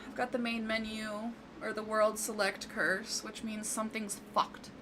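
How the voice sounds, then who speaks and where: A woman's voice: medium pitch, little pitch movement, unhurried, background noise. A woman giving casual commentary while playing and fixing game mods at home, swearing freely when things break and chatting to her cat between fixes. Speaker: gaming streamer. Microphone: desk microphone.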